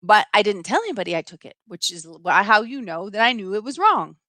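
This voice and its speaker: A middle-aged woman hosting a live stream, telling a personal story in an animated, emphatic way and often checking in with "right?". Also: mid-range voice, fast, no room sound.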